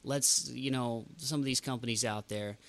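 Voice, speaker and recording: A man's voice: medium pitch, steady tone, moderate pace, vocal fry, fairly bright tone. A man hosting a podcast in casual chat, ranting with emphatic outbursts. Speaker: podcast host.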